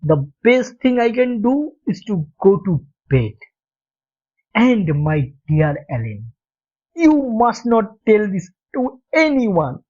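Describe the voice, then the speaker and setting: Male reader as flustered, hapless young gent; slow and swinging; dull lo-fi. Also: high-pitched, big pitch swings, darkish tone, exaggerated voice. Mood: dismayed. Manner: flustered, self-reproaching. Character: hapless, embarrassed young gentleman. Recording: dull lo-fi recording.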